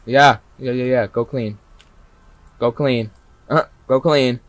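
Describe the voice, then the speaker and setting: A young man doing live commentary on a horror game, excitable and swearing freely, talking straight to the characters and breaking into sudden yells. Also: medium pitch, takes it slowly. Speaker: streamer. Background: faint game music.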